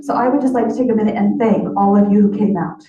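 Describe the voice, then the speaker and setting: A woman addressing a school board as a union vice president, reading a teacher's letter in a measured, formal way. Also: medium pitch, muffled recording, crowd noise. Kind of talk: public comment reading a letter. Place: large public meeting hall. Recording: echoey hall, distant mic, faint ambience.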